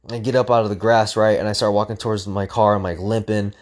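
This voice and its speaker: A man's voice: lowish voice, little pitch movement, fast. Intense young man telling a story. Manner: intense, profane, repeats phrases, acts out his inner voice. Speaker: storyteller recounting a hard run. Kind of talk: casual spoken storytelling.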